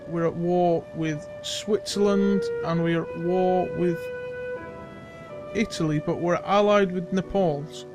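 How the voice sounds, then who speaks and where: A man's voice: high voice, steady tone, takes it slowly, over music. A man hosting a casual let's play, chatty and self-mocking, thinking aloud as he plays. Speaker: gaming channel host.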